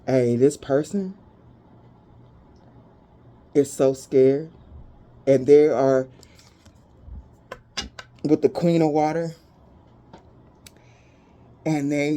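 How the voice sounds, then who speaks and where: A woman's voice: a bass voice, steady tone, takes it slowly, long pauses, mellow. A woman giving a casual spoken tarot reading, talking bluntly and animatedly, with frequent swearing. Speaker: tarot reader.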